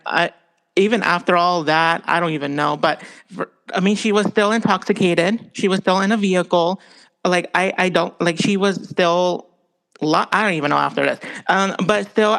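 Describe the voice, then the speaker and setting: A man's voice: on the high side, vocal fry, a bit bright, poor audio. A man calling into a show, rambling with hesitations and restarts. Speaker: caller.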